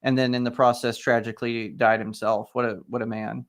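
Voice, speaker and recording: A man's voice: mid-range voice, flat delivery. Chatty man with a Texan accent. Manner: rambling, chatty, quick to laugh. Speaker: livestream co-host. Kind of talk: casual live watch-party chat.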